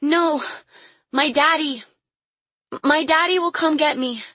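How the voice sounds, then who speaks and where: A woman doing a terrified little girl's high plea. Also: slow, pushed and bright, dry recording, heavily acted. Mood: pleading. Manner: high, shrill, pleading. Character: terrified little girl, pleading and desperate.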